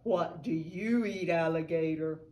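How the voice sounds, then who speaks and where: A woman voicing a boastful male frog in a children's storybook, with loud, drawn-out bragging. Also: deep voice, voice pushed down.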